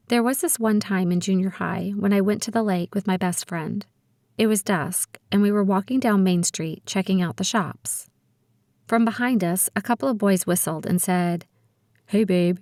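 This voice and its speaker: A woman reading a teen spy thriller audiobook aloud in the first person, with brisk, expressive storytelling. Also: lowish voice, no echo, studio quality. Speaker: audiobook narrator. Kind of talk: first-person scripted narration.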